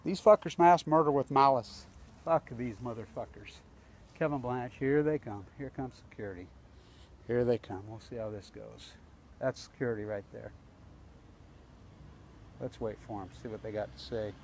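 A man's voice: mid-range voice, moderate pace, pauses often, a little mellow, a little hiss or hum. A man filming himself outdoors on a phone, angrily ranting with heavy profanity and a lot of repetition. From United States. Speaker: protester. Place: outdoors by a building entrance.

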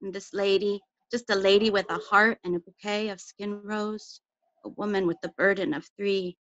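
A woman reads her poem aloud in a measured, intimate voice, letting phrases fall away softly. The sound is muffled and lo-fi, as on an online call, and dry with no room around it. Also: medium pitch, fairly even intonation, no room sound. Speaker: poet. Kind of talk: poetry reading.

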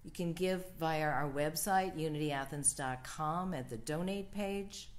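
Slow, low-voiced prayerful woman minister. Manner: slow, gentle, prayerful cadence. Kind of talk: church livestream offering and prayer.

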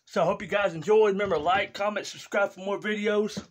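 A man hosting his own comedy video, casually introducing each sketch with slow, unpolished explanations and restarts. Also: sits high, steady tone. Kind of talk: casual skit narration.

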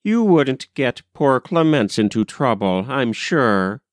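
A man reading a story aloud, voicing a quick-tempered, gossiping woman servant who talks in rustic, ungrammatical speech. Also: mid-range voice, sing-song, no room sound. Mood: apologetic.

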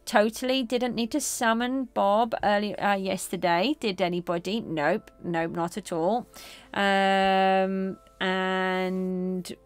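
A middle-aged woman streaming a game, chatting casually with viewers and answering them in a gentle, consoling way. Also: mid-range voice, clear, resonant tone. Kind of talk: casual live-stream chat.

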